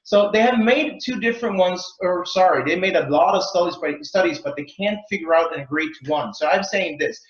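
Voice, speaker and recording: Animated man, roomy lo-fi sound. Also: sits high. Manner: lively, playful, acts out mock accents and sounds. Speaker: communication expert guest. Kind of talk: animated interview answers.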